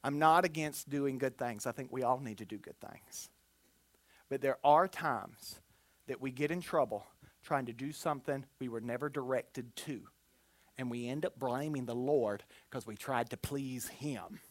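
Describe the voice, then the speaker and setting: Brief: animated preacher leading a sermon, dry close sound. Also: medium pitch, normal speed, no room sound. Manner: animated, exclamatory, call-and-response with the congregation. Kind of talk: Pentecostal sermon.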